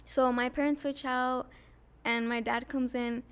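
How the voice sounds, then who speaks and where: A young woman with a fairly high, flat voice that barely rises or falls. She speaks softly and haltingly in a casual podcast chat, trailing off and restarting with lots of fillers. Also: clean tone. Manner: soft, halting, many "like" fillers. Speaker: guest sharing her story.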